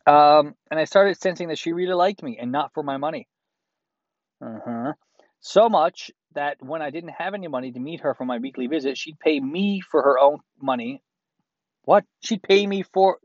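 A man's voice: a little high, no echo, muffled recording. A man reads a listener's letter aloud and breaks in with crude, profane, sarcastic comments. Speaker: host reading a listener's letter.

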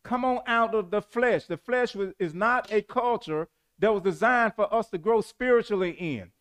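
A man's voice: sits high, moderate pace, fairly bright tone. A man preaching a sermon, calling for answers from the congregation and rising to emphatic bursts. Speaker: pastor.

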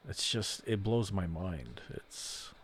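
A man's voice: sits low, animated, slow pace. A man hosting a solo podcast, rambling and swearing freely as he rants in frustration and asks himself questions. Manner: rambling, profane, frustrated ranting with self-questions; quotes imagined people in a raised voice. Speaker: podcast host. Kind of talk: casual solo podcast monologue.

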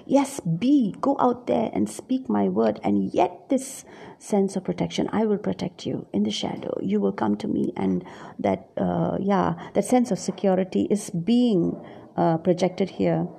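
Woman preacher, husky mellow voice, reflective sermon, halting and thoughtful. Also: mid-range voice. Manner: musing, searching for words with many fillers.

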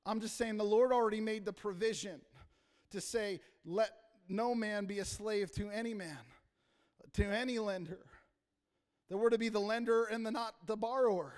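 A man preaching a passionate sermon as pastor, rising to loud emphasis and dropping to quiet asides. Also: high-pitched. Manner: impassioned preaching, rising and falling in volume. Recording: reverberant hall.

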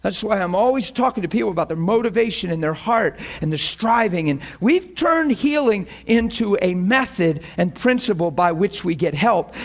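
A man delivers a sermon in a fairly high voice. He preaches with passion, rising toward near shouts, and plays out his own inner resolve in dialogue. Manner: impassioned, climbing to near shouts.

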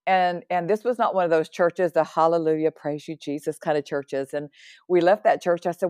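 Woman in her 60s, low pitch, dry recording. Podcast guest giving a lively, earnest testimony. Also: normal speed, no echo. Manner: animated and earnest, with laughs and asides. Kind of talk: personal faith testimony.

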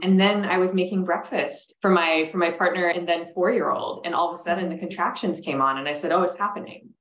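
Woman, low voice, thirties, candid and reflective, halting, echoey room. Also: fairly even intonation. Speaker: podcast guest. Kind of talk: candid conversation.

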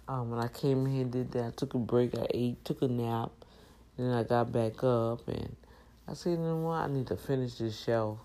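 Middle-aged show host, slow and gravelly, emphatic and repetitive. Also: medium pitch, mellow, rough recording. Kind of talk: casual monologue show.

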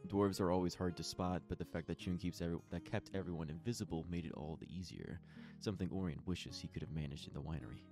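Low voiced guy reading out the scene as game master, trips over words sometimes, guitar playing behind. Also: quick pace, hardly any pauses. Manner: reads descriptions with small stumbles and restarts. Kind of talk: narrating a tabletop game. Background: plucked guitar music.

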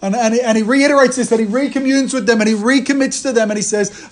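Guy with a high voice preaching casually, tells it like a story, keeps restarting his sentences. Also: fast talker, hardly any pauses. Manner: animated storytelling, frequent restarts. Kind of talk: conversational sermon.

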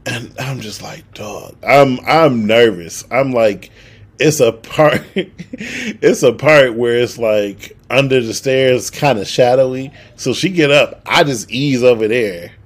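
A man's voice: medium pitch, slow. A young man in his twenties co-hosting a podcast, telling a story in casual, profane chat and acting out what people said. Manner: animated, profane, acts out quoted dialogue. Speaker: podcast co-host.

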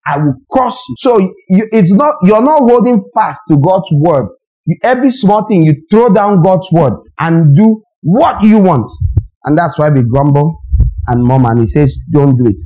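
A man's voice: high-pitched, lively intonation, moderate pace, dark tone, highs cut off. A man preaching a sermon as a pastor, emphatic and questioning his congregation directly.

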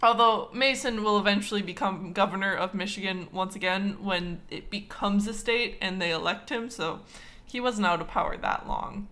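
A woman's voice: mid-range voice, moderate pace, a bit bright. A woman from Wisconsin hosting a casual history podcast, chatty and playfully indignant, with lots of fillers. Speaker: podcast host.

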